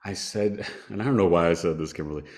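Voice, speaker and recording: A man in his fifties, a podcast guest, telling a personal story in a conversational, animated way and laughing now and then. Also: low-pitched, fast. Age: 50s.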